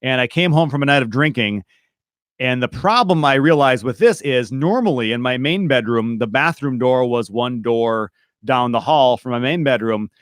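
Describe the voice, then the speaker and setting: A man's voice: medium pitch, normal speed, no room sound, clean studio sound. A man hosting a podcast in casual chat, telling stories in a candid, reflective way. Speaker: podcast host.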